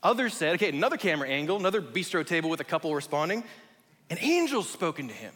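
Animated man preaching in a reverberant hall. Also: fairly high pitch, fast. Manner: animated storyteller, acts out quotes. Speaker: pastor. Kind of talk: sermon. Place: church sanctuary.

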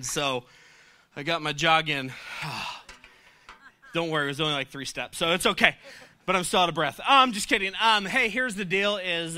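A man leading a faith-based recovery meeting, joking with the crowd, then leading a prayer and giving announcements. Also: high-pitched. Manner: upbeat, joking, loud.

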